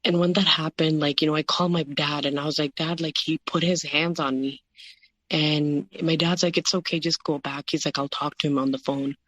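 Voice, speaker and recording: Halting woman telling a painful story. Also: sits low, steady tone, fairly bright tone, no echo. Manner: halting, heavy use of "like" and "you know". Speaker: guest. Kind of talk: personal story in an interview.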